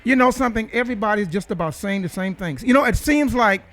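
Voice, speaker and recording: A man's voice: sits high, animated, quick pace, a bit bright. A man hosting a community TV show, interviewing classmates in a folksy, rambling way. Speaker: host. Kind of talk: casual interview.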